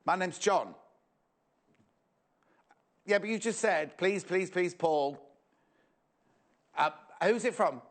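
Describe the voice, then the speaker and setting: A man's voice: sits high, slow pace, long pauses. A man presenting a live shopping show in a playful, jokey, chatty way, reading out viewer messages.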